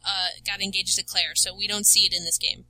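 A woman retells a story in lively, casual chat. She laughs often and fills her sentences with "like". Her voice is very bright and sharp, and the recording is close and dry. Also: medium pitch, brisk, no echo, poor audio. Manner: animated storyteller, laughs often, says "like" a lot. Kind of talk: casual chat recapping a video game story.

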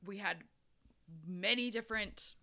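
A woman's voice: mid-range voice, unhurried, sharp tone. A woman co-hosting a podcast, rambling casually with lots of fillers and swearing. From Pacific Northwest of the US. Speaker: podcast co-host. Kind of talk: casual chat.

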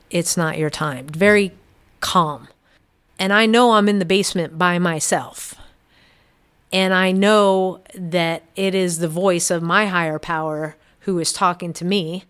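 A middle-aged woman, a podcast guest, giving an earnest, halting personal testimony in a quiet, reflective way. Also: on the low side, clean tone.

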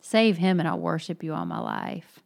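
A woman's voice: lowish voice, normal speed, vocal fry. A woman voicing a bitter, proud young female rival while reading aloud from a novel. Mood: venomous.

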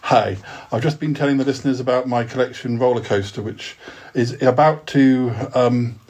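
A man's voice: mid-range voice, steady tone, normal speed, a little mellow. A podcast host reading his own rhyming poems aloud in a rhythmic, sing-song way, with hesitant fillers when chatting.

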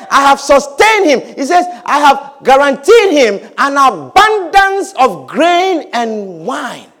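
A man preaching a sermon as a pastor, swinging between quiet, drawn-out words and shouted blessings. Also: extremely high pitch.

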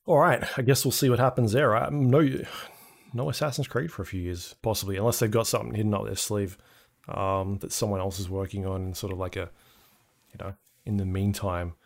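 A man co-hosting a podcast, chatting casually about game news with a relaxed, hesitant delivery and plenty of ums. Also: on the low side, a little fast, creaky. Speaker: podcast co-host. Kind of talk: casual gaming news chat.

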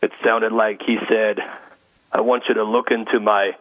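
A man doing a low, slow, dry impression of a gruff older male film star over a phone line. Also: flat delivery, natural voice.

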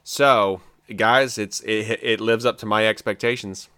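A man from the US South co-hosting a casual, joking chat about movie trailers, full of fillers and excited asides. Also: fairly low pitch, unhurried, smooth, dry recording, clean studio sound. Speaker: podcast co-host.

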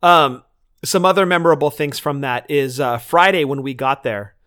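A man's voice: fairly high pitch, normal speed. Chatty man recounting a fan convention. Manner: animated storytelling with fillers. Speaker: podcast co-host. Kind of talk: casual chat.

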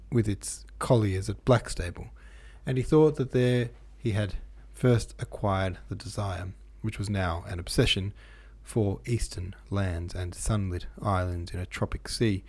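Mellow low-voiced man reading a novel. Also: slightly rough. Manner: measured, literary reading. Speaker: podcast host and audiobook reader. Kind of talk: scripted narration of a classic novel.

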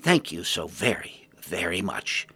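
Man voicing a flamboyant vampire duke, courtly, theatrical, lively, bright, storybook. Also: sits low, a little slow, creaky, slightly rough, full character voice. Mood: moved.

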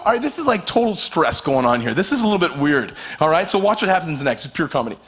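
A man preaching a sermon to a congregation, telling a scripture story with playful, animated asides. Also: on the high side, quick pace, few pauses. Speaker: pastor.

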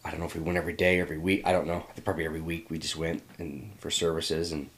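A middle-aged Northern California man with a very deep, low voice speaks reflectively in an interview. His delivery is flat, and he often pauses and restarts his thoughts.

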